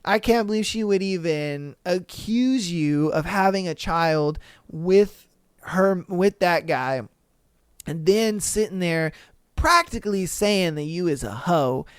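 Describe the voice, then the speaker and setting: A man hosting a podcast, reading listener stories aloud and reacting with animated, profane, mock-outraged asides. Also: high voice, slow pace, clean tone, dry recording, studio quality. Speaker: podcast host.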